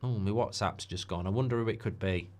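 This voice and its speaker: A man's voice: on the low side, a little fast. A man hosting a football watchalong stream in a casual, chatty, jokey way, reading viewer comments aloud. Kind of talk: casual live-stream chat.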